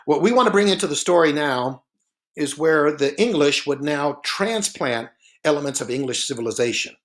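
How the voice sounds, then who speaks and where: A man narrating a slideshow lecture in a relaxed, explanatory way, with frequent filler sounds, sometimes stretching words slowly for emphasis. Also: on the high side.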